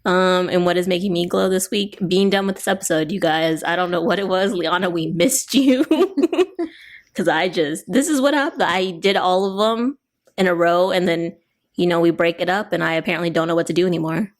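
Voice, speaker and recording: A woman's voice: on the low side, moderate pace. A young woman co-hosting a podcast, chatting casually and laughing often. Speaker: podcast co-host.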